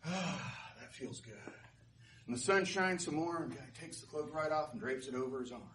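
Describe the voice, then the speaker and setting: A man's voice: a little high, fast, fairly bright tone. Chatty man telling a fable in class. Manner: casual, chatty, checks in with "right?". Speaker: storytelling teacher. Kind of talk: live class storytelling. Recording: roomy live class, distant mic, faint noise.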